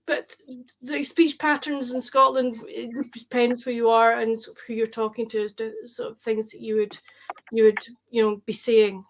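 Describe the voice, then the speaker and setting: A woman joins a casual video chat as a guest and talks loosely, with plenty of hedging fillers. Her voice sits a little high and stays fairly level. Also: little pitch movement, normal speed, a little hiss or hum, poor audio.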